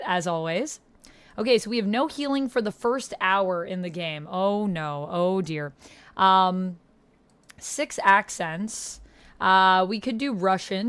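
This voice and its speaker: A woman's voice: medium pitch, fairly bright tone, dry recording. A young woman streamer chatting casually with her viewers and reading their messages aloud. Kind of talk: casual livestream chat.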